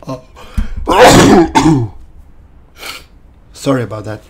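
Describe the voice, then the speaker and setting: A man with a hoarse, worn voice chatting casually while streaming a game and thanking viewers. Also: medium pitch, a little slow, heavy background noise. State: hoarse, losing his voice. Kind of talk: casual live gameplay chat.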